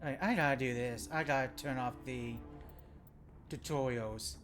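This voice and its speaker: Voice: mid-range voice, moderate pace, soft background music. A game streamer chatting casually with viewers during a live stream, laid-back and chuckling now and then. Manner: chatty, talks to chat viewers. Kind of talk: casual live-stream chat while playing.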